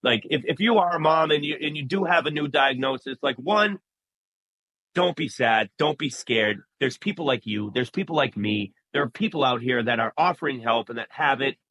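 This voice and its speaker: A man tells stories in a relaxed interview, slipping into the voices of the people he quotes. His tone is bright and forceful, with a husky edge. The sound is dry and close. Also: medium pitch, normal speed, no room sound, poor audio. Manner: animated storyteller, acts out quoted voices. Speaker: barber, guest. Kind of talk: casual interview talk.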